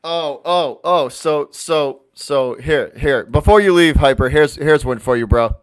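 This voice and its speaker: A man chatting casually on a trivia stream, voice sitting a little high for a man. He talks in halting bursts and restarts his sentences while he tries to remember things. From Boston area. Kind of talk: casual chat.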